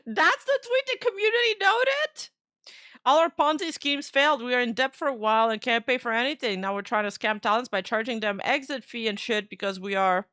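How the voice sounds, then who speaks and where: A woman streamer chatting through casual reaction commentary, giggly and chatty. Her voice is bright and sits a little high, recorded close and dry. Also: dry recording.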